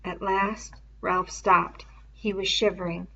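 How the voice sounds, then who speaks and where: A woman reading a novel aloud in slow, measured storytelling. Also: mid-range voice, fairly even intonation, a bit bright, highs cut off. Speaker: reader.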